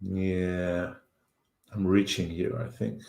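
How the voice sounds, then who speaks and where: Dutch-accented male host, deep unhurried voice, halting live chart talk, roomy echo. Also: little pitch movement, creaky, a little mellow. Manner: thinks aloud, halting with fillers. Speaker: stock market show host. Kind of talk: live trading chart commentary.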